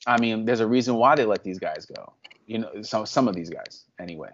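A man's voice: on the low side, brisk, a bit bright, muffled recording, a little hiss or hum. Profane ranting man on a podcast. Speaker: podcast co-host. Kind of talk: casual wrestling podcast chat.

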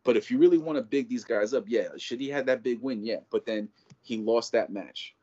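A man talking in a casual chat as a show's co-host, animated and profane, rambling with lots of restarts. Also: mid-range voice, brisk. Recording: dull lo-fi audio.

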